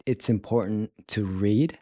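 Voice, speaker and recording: A man teaching pronunciation, breaking words into sounds and repeating them slowly and carefully. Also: fairly low pitch, dark tone, no echo. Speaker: language teacher. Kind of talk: slow, careful pronunciation lesson.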